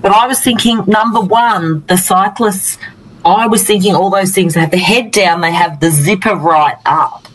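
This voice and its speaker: A woman's voice: mid-range voice, normal speed, husky, rough recording. A woman co-hosting a radio show over a remote call, playful and thinking aloud. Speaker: radio co-host. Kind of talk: casual radio chat.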